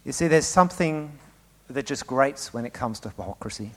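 A man preaching a sermon, emphatic, swinging between loud stresses and quiet asides and putting questions straight to the congregation. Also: mid-range voice, lively intonation, normal speed. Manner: speaks to the congregation directly with rhetorical questions. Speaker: pastor.

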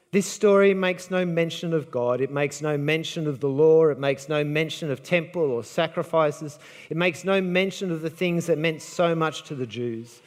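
A man preaches to a gathered congregation, retelling a Bible story with lively drama. His voice sits a little high for a man. The long reverb of a large hall trails behind every phrase. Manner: dramatic storytelling, acting out the quoted lines.

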